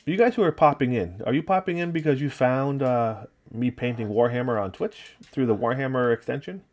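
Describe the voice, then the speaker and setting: A man's voice: medium pitch, a little fast, dull audio. A man with an upstate New York accent, hosting a casual livestream and chatting loosely while he paints and reads the chat. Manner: relaxed, rambling, talking while working and reading chat. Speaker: livestream host painting miniatures.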